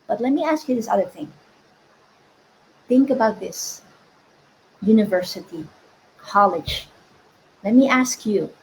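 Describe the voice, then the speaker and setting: A woman giving a live-stream money coaching talk, energetic and asking viewers questions. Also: on the high side, a little hiss or hum, poor audio. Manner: energetic, asks the audience questions.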